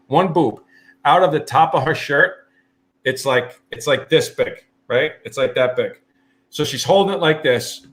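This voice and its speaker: A man's voice: medium pitch, a bit bright. Brief: New firefighter co-host, man, loose rambling story delivery. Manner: rambling, laughs mid-story, acts out quotes. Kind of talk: casual chat, storytelling.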